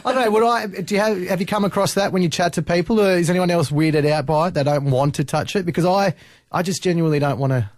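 A man's voice: high voice, quick pace, dry recording, studio quality. A man co-hosting a radio show, chatting playfully and laughing easily. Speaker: radio co-host. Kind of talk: casual on-air banter. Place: radio studio. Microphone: studio microphone.

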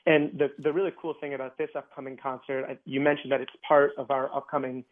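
A man's voice: mid-range voice, little pitch movement, fast talker. A man speaking as an orchestra guest in a casual radio interview, chatty, with many fillers and restarts. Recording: tinny phone-like line.

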